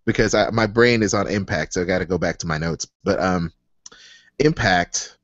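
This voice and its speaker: Deep-voiced halting podcast co-host. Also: male voice, fairly bright tone, no echo. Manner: halting, restarts a lot. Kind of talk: casual chat. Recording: dry, dull lo-fi podcast audio.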